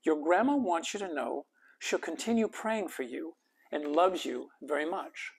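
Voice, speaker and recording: A man doing a gentle spirit guide. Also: on the high side, unhurried, creaky, breathy edge, heavily acted, rough recording. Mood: tender. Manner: gentle and calm. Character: male spiritual entity speaking through a medium, kind and gentle.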